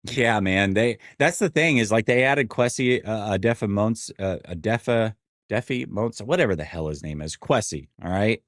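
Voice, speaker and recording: A man's voice: fairly low pitch, expressive, moderate pace, dry recording, clean studio sound. Frustrated man in his 40s venting. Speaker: sports show host. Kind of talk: live-stream sports rant, reading chat.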